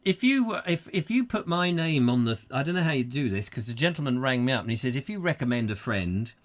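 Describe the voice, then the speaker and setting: An older man hosting a comic chat show, teasing his caller with jokey, animated banter. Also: mid-range voice, a little fast. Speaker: host.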